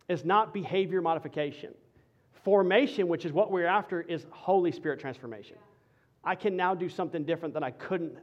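A male pastor preaching a sermon to his congregation, conversational and energetic, shifting into a soft, earnest intensity. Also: on the high side, lo-fi sound.

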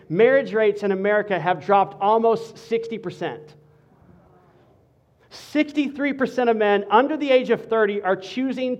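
A man preaching as a pastor, playful and animated, joking with the congregation between serious points. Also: high voice, lo-fi sound. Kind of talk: sermon with humor.

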